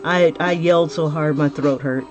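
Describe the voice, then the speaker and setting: Drawing during a casual livestream, a woman chats to viewers with frequent laughter and restarted sentences. Her low voice keeps a fairly even intonation at normal speed. The recording sounds muffled, with music playing clearly behind her.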